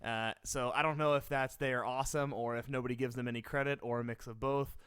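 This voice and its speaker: A man's voice: medium pitch, steady tone, quick pace, a bit bright, clean tone, no echo, clean studio sound. A man co-hosting a casual sports podcast, joking and often hesitant. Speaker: podcast co-host.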